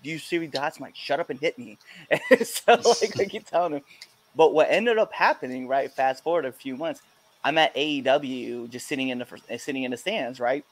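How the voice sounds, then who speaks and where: A man's voice: mid-range voice, a bit bright. A man hosting a podcast in casual chat, telling stories with lots of laughter and acting out other people's lines. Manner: laughing storyteller who acts out quotes. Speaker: podcast host.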